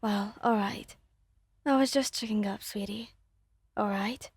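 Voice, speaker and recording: A woman voicing a loving, worried middle-aged mother in a soft, hushed, fussing whispered role-play. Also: medium pitch, measured pace, husky, no room sound.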